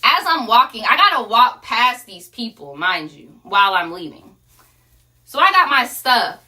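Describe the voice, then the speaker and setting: A woman's voice: fairly high pitch, very animated, measured pace, sharp tone. A young woman, telling a casual story full of profane slang. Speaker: streamer.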